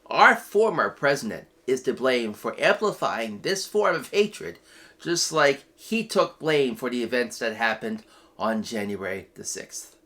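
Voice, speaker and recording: An earnest man hosts a web show's news segment with impassioned commentary. He talks slowly and deliberately. His pitch rises and falls a lot, and he breaks into loud, emphatic outbursts. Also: sing-song. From United States. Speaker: host of a weekly web show news segment.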